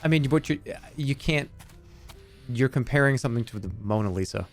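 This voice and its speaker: A man's voice: medium pitch, a little fast. A male streamer chatting loosely while he plays, with a voice that swings widely up and down. He bounces between jokes and answers to his chat, and faint music plays in the background. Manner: animated, joking, answers chat. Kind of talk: casual live-stream chat.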